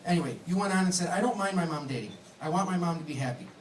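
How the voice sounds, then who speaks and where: Rapid-fire and animated, this man delivers his toast as the groom, teasing and joking while laughter breaks out. His high-pitched voice comes from a distant mic in a large, echoey banquet hall with noise in the background.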